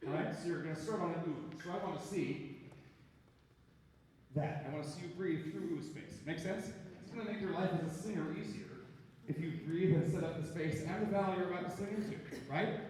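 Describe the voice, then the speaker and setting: A man coaching a chorus through a vocal warm-up in a chatty way, often checking in with "right?". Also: on the high side, fairly quick. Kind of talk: rehearsal coaching. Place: large echoey rehearsal hall. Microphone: distant room recording. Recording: echoey hall recorded from far off.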